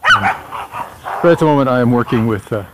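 A middle-aged man chats his way through a morning walk in a loose, meandering vlog style. His voice sits at an ordinary pitch, and he drifts between thoughts with relaxed filler words. A faint outdoor hum runs under the recording. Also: normal speed. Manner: rambling, chatty, with frequent "uh" and chuckles. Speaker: vlogger. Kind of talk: casual walking vlog.

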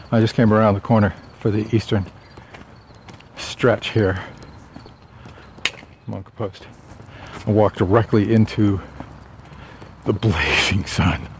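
A man's voice: on the low side, unhurried, long pauses, a little mellow. Man, casual walking vlog, chatty and rambling, slightly winded, outdoors, faint street noise. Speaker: author vlogging on a walk. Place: outdoors on a sunny suburban street.

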